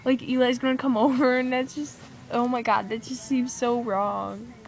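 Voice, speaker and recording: A woman's voice: a little high, little pitch movement, normal speed, creaky. A teenage girl chatting casually to her camera at home, rambling and gushing, full of "like" and "oh my god". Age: teens. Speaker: vlogger. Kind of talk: casual chat. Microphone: iPod camera.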